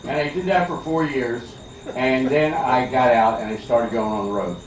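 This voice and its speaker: A man's voice: medium pitch, normal speed. An older man works a backyard party crowd with chatty, teasing stand-up. He is from Philadelphia and tells stories. The sound is distant and echoey, with party noise all around. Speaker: stand-up comedian. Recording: echoey, distant, noisy outdoor party recording.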